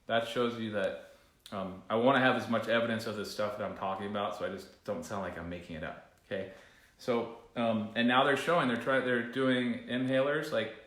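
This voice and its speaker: A man's voice: fairly low pitch, fairly even intonation, fairly quick, a bit bright. A man leading a casual breathing class, rambling, restarting sentences and joking aside to a co-host. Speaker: breathing coach. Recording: echoey room.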